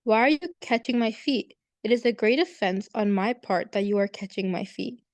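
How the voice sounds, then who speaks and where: A woman reading aloud the part of a gentle, respectful young maiden. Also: mid-range voice, moderate pace, dry recording, lightly acted. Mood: earnest. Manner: read aloud earnestly. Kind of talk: reading scripture story aloud.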